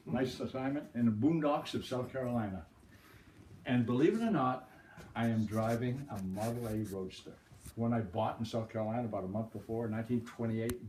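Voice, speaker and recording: An older man from the Boston area spins rambling, folksy stories and keeps chuckling along the way. His voice comes from a distance, caught by a camera mic across a room. The room is echoey and has steady background noise behind him. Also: medium pitch. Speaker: storyteller. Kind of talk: casual anecdote telling.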